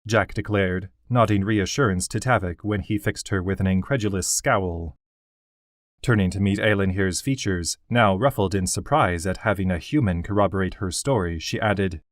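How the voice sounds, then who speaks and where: A man narrates a fantasy novel in a steady, even reading. His voice sits on the lower side. The recording is dry and close, with no room sound. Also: moderate pace, no room sound. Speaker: audiobook narrator.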